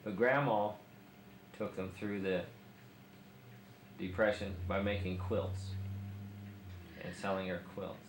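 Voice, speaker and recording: A man interviews a relative about family history, pausing often as he shapes his questions. His voice is on the low side. The room is echoey with a faint hiss. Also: steady tone. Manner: hesitant, many fillers while framing questions.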